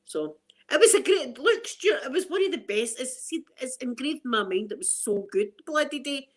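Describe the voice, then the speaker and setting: A Scottish woman in her forties, chatting casually on a live stream and telling funny stories about herself. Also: normal speed. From Scotland. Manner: animated, self-mocking, quotes herself in a high excited voice. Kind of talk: casual live chat storytelling.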